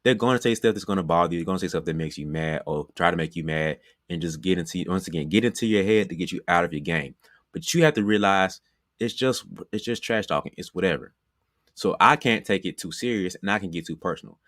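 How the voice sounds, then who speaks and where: A man's voice: low-pitched, quick pace, fairly bright tone, no room sound, studio quality. A man giving a motivational basketball coaching talk, conversational and repetitive, often saying "you know". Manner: conversational, repeats phrases, frequent "you know". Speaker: basketball trainer.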